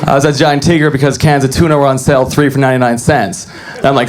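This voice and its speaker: A young man doing a deadpan, self-deprecating stand-up comedy set on a club stage. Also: mid-range voice, fast, a faint crowd, slight background noise.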